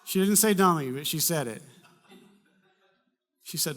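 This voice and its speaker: A man's voice: fairly high pitch, animated, unhurried, a bit bright. Humorous man preaching a sermon. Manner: conversational storytelling with humor. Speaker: pastor. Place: church.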